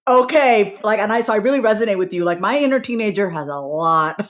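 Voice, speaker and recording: A woman guesting on a podcast, speaking candidly and self-reflectively, quick to laugh, in casual conversation. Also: mid-range voice, expressive.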